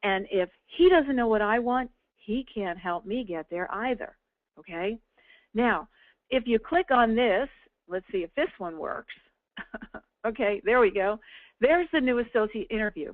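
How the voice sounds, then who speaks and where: Brief: upbeat woman team leader, higher voice, dry tinny phone-like sound. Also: lively intonation, a little slow, no echo. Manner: upbeat, chatty, coaching tone with frequent "okay?". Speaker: team leader presenting a business tool. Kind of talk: casual webinar walkthrough.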